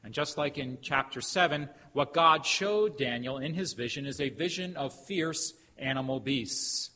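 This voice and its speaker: A middle-aged man preaching a sermon as a pastor, telling a story with emphatic pauses. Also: mid-range voice, pushed and bright. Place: church sanctuary. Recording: hall reverb, faint background noise.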